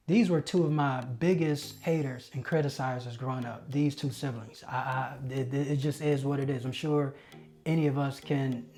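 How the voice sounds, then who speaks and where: Man, mid-pitch, earnest personal testimony, candid and self-mocking, soft music underneath. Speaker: testimony speaker. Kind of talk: personal storytelling.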